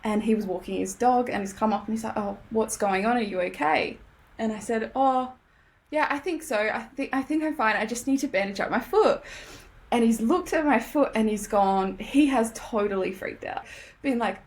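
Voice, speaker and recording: A young Australian woman, a podcast guest, telling a story in casual chat, animated and laughing often as she acts out what people said. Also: fairly high pitch, normal speed.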